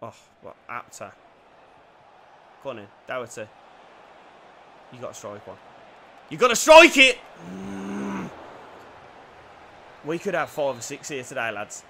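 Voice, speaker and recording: A young man giving lively commentary over a football video game, dropping to quiet play-by-play and bursting into shouted cheers. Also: mid-range voice, moderate pace, long pauses, noisy background. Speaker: gaming YouTuber.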